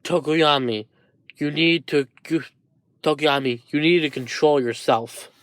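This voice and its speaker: A man's voice: a little high, measured pace, fairly bright tone, dry recording. A man voicing a firm, reassuring adult male hero mentor in a fan-told story.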